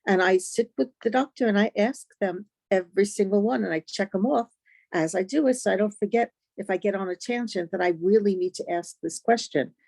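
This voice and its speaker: A woman on a patient panel who talks bluntly and with firm conviction. Her voice sits at a middle pitch and sounds close and dry. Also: fairly quick, gravelly, darkish tone, no echo. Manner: blunt, determined. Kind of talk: panel discussion.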